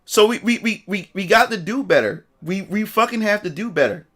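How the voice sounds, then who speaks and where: A man's voice: high-pitched, animated, brisk, fairly bright tone. A man telling a story in a casual livestream rant, profane and repetitive. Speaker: streamer.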